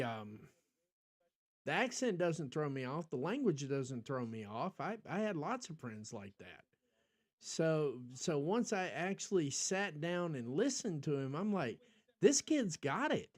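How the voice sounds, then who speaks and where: On a podcast livestream, an American man chats loosely and meanders, often saying um, restarting sentences and replying to the chat. He speaks slowly in a higher, expressive voice.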